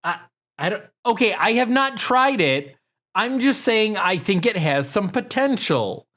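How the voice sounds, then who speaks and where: A man's voice: high voice, very animated, unhurried, a bit bright. A man co-hosting a comedy podcast, bantering casually, joking and swearing, often trailing off with fillers. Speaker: podcast co-host.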